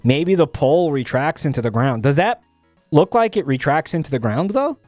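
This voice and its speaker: Animated, profane young streamer man. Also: a little high, normal speed, no echo, faint music behind. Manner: profane, rambling, lots of restarts and laughter. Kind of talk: casual stream chat reading posts.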